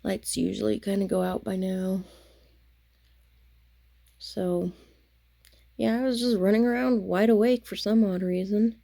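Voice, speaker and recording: A woman's voice: medium pitch, fairly even intonation, measured pace, creaky, pauses often, warm tone. A tired woman chatting casually to the camera late at night about her stitching, rambling and losing her words. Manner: rambling, self-interrupting, chatty. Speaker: craft vlogger.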